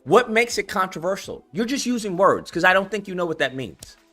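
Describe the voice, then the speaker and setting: Combative male host, high voice, condescending, music faint underneath. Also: sing-song, a little fast, pushed and bright. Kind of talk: heated live-stream debate.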